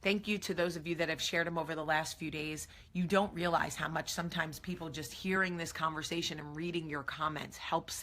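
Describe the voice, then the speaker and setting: A woman's voice: on the low side, fairly bright tone. A woman with a New York area accent, hosting a casual morning vlog and talking emphatically and earnestly straight to her viewers. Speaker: show host.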